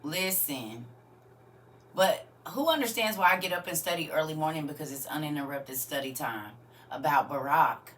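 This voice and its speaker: Woman livestream host, low voice, chatty and laughing, talks back to the chat. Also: animated, normal speed, fairly bright tone. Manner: chatty, laughs often, answers viewer comments. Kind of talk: casual livestream chat with viewers.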